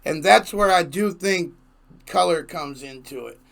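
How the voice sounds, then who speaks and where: A man's voice: on the high side, a little slow, vocal fry, a bit bright. A man hosting a music reaction video, talking in casual, emphatic commentary and repeating himself for effect.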